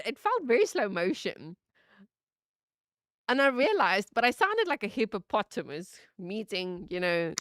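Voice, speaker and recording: A woman in her thirties streaming from home, telling a story in an animated way, laughing and swearing. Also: dry recording, studio quality. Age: 30s. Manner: animated, laughing, swearing, lively pitch jumps. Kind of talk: casual storytelling chat.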